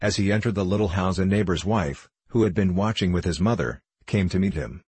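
Low husky male audiobook reader. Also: fairly quick, darkish tone, no room sound. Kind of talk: scripted narration of a classic novel.

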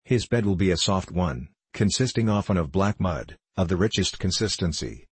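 Deep, husky male audiobook narrator. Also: lively intonation, normal speed, no room sound. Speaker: audiobook reader. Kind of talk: scripted narration of a classic travel memoir.

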